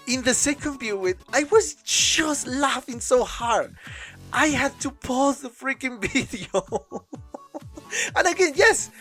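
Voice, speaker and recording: A woman's voice: high-pitched, a bit bright. A woman hosting an anime reaction, talking casually in non-native English and often breaking into laughter.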